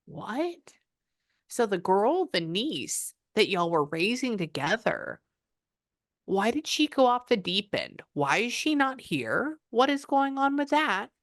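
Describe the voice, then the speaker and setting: A woman's voice: a little high, very animated, slow pace, dry recording, studio quality. A woman psychic medium giving a casual reading, thinking aloud and exclaiming often.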